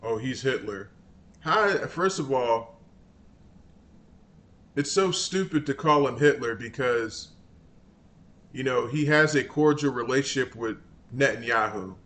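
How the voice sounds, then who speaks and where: A man's voice: mid-range voice, unhurried, pauses often, a bit bright. A man hosting political commentary, ranting in an exasperated, scornful and rambling way.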